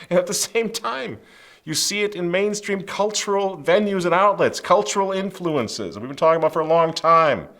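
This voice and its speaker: A middle-aged man hosting a commentary show, emphatic and sarcastic, swinging between loud outbursts and hushed asides, with many rhetorical questions. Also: high-pitched, lively intonation, normal speed. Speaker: show host. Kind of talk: impassioned political commentary.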